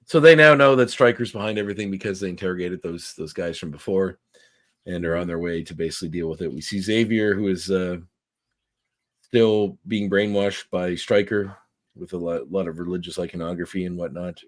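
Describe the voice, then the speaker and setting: A man's voice: sits low, steady tone, brisk. A man co-hosting a podcast, casually recapping a comic with lots of fillers and restarts. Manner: rambling recap with fillers, reads quotes aloud. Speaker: podcast co-host. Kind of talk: casual comic review chat.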